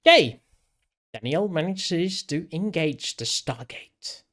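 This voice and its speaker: Halting male game master. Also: fairly high pitch, animated. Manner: halting, with many restarts and laughs. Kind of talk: running a tabletop game over voice chat.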